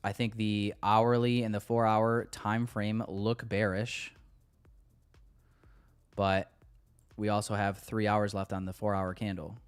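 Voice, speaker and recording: A man's voice: on the low side, little pitch movement, slow, pauses often, smooth, faint music behind. A man livestreaming his day trading, chatting loosely with viewers in casual, joking, sometimes profane banter. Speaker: day trader streaming live. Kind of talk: casual live-stream commentary.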